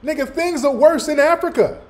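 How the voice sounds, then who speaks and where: An American man commenting in a mocking, profane, loud way on a clip he is watching. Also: extremely high pitch, a little fast.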